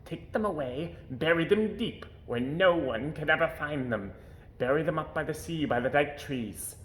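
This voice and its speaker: A man's voice: a little high, animated, moderate pace, fairly bright tone, echoey room, poor audio. A man voicing a scheming court lord who gives harsh, hissing commands, read from a storybook. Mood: commanding.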